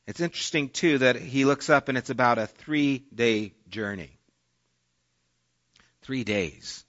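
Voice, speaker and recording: A man's voice: mid-range voice, measured pace, long pauses, a bit bright. A man preaching a sermon in a conversational way, sometimes acting out the voices in the story he tells. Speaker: pastor. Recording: dull lo-fi sermon audio.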